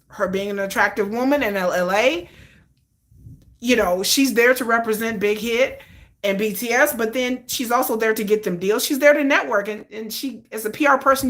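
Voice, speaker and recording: A woman's voice: fairly high pitch, a bit bright. A woman hosting a live stream, chatting casually and rambling through her fan fiction with frequent restarts.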